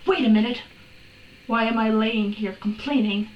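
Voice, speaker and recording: A woman's voice: a little high, steady tone, normal speed, dull audio, close to an everyday voice. A woman voicing an upset young man in a put-on accent while reading a story aloud. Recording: roomy room, distant from mic.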